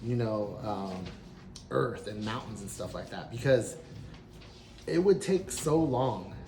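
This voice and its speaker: A man's voice: lowish voice, animated, takes it slowly, dark tone. A man hosting a mindfulness session, telling stories in a loose, rambling way with lots of "you know" and "like.". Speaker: meditation session host. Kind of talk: casual storytelling and reflection. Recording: roomy echo, faint background ambience.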